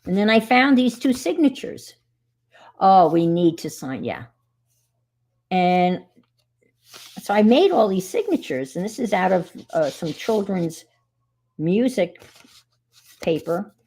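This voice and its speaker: Slow, gravelly-voiced woman chatting while crafting. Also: mid-range voice, big pitch swings, darkish tone. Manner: rambling, self-deprecating, chatty with trailing asides. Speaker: crafting livestream host. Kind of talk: casual craft demonstration chat.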